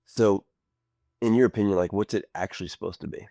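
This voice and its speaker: A man hosting a podcast, offering brief affirmations and asking measured interview questions. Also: fairly low pitch, steady tone, warm tone, dry recording. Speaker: podcast host.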